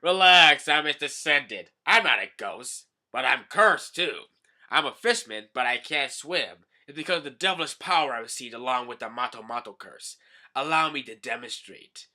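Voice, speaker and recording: A man voicing a boastful fishman villain while reading a comic aloud, with a theatrical, booming delivery. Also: lively intonation, moderate pace, pushed and bright. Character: cursed male fishman villain, boastful and grand.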